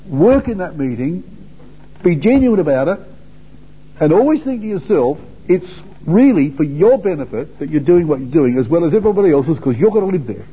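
An older Australian man teaching a Bible class gives young men an informal talk, chatty, repeating words and asking his listeners questions. His voice is on the high side and slightly rough, captured in a dull lo-fi recording.

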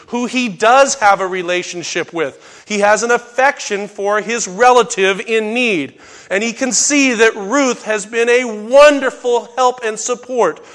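A middle-aged man preaching a conversational Bible sermon, with folksy asides and sudden loud bursts when he acts out lines. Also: extremely high pitch. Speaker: pastor teaching a Bible study.

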